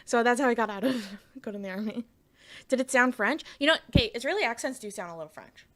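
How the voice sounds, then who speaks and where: A woman's voice: a little high, expressive, quick pace. A young woman from Canada, streaming and telling a story in a rambling, laughing way with lots of fillers and restarts, talking to her chat.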